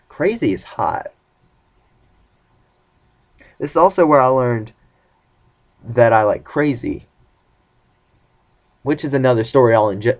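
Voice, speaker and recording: A man's voice: medium pitch, a little mellow. A young man casually telling rambling, self-mocking stories about his dating life in a vlog. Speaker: vlogger.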